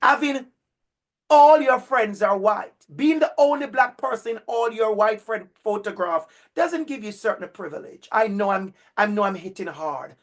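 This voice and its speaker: Man with a Jamaican accent, lecturer, emphatic and repetitive, voice sits fairly high. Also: expressive, moderate pace. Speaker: university lecturer. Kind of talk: lecture to a teacher cohort.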